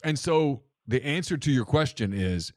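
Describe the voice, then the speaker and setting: A man's voice: medium pitch, normal speed, dry recording, studio quality. Man telling a story on a radio show. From American South. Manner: animated storytelling, repeats himself. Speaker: co-host. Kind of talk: casual radio call-in chat.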